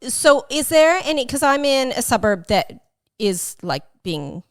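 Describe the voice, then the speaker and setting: A chatty woman co-hosting a podcast, her voice sitting a little high. She rambles through fillers and swears freely. The sound is dry and close. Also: big pitch swings, measured pace, no echo. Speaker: podcast co-host. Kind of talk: casual chat.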